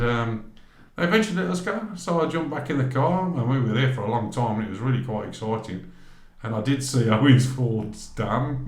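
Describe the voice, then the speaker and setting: A man tells a long anecdote in an easygoing podcast chat. He jumps into quoted voices as he plays out both sides of an argument. His voice sits at an ordinary middle pitch and carries a noticeable echo off the room. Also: darkish tone. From England, from Great Barr. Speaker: podcast guest telling a travel story. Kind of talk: casual anecdote storytelling. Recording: roomy echo.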